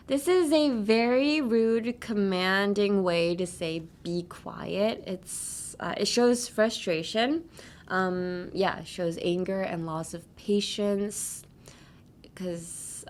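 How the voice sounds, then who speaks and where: A woman hosting a casual language-lesson podcast. She explains phrases in a loose, chatty way, full of "like" and "um", and switches between English and Japanese. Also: lowish voice. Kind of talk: casual teaching chat.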